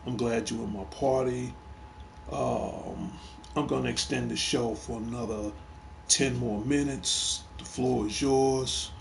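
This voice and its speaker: A man's voice: medium pitch, fairly even intonation, slow pace, gravelly, slight background noise. A middle-aged man hosts a gaming talk stream, speaking emphatically and repeating himself while addressing a troll. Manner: emphatic, repeats phrases, heated toward a troll. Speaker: host of a gaming talk show. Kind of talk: casual live stream talk.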